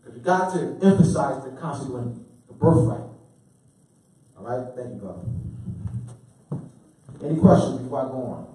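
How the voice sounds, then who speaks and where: A man's voice: mid-range voice, very animated, normal speed, pauses often, dark tone. Emphatic male lecturer in an echoey room. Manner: call-and-response questioning, emphatic repetition. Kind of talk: lecture to a live audience. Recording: very echoey room, mic far off.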